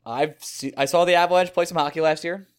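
A young adult man hosting a casual sports podcast, joking and bursting into loud excited outbursts. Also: a little high, fast, clear, resonant tone. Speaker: podcast host.

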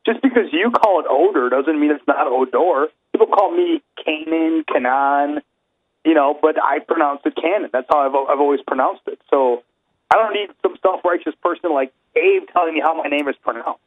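A man's voice: fairly high pitch, animated, a little fast. A man co-hosting a podcast in casual chat, rambling and arguing with many fillers. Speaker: podcast co-host. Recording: tinny phone-line sound.

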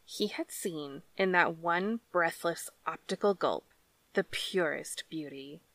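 A woman reads a story aloud at an unhurried, careful pace. Her voice sits a little low, and the recording is close and dry, with no room sound at all. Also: vocal fry, fairly bright tone, no echo. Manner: measured, deliberate reading. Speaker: audiobook narrator. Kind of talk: scripted story narration.

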